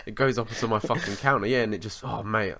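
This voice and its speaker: A lower-pitched man chatting casually on a podcast. He tells a story with plenty of swearing and lively build-up, fairly low in pitch. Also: fast talker, vocal fry, heavy background noise. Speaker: podcast co-host.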